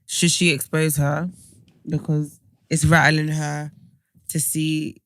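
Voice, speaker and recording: Gravelly slangy man. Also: fairly high pitch, slow, no room sound, studio quality. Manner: animated, slangy, reads listener letters aloud. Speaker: podcast co-host. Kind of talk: casual chat.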